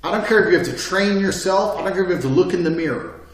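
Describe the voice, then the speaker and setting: Forceful male lecturer, somewhat high voice, cursing and blunt; recorded far from the mic in a very echoey room. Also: very fast. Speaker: instructor. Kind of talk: lecture course.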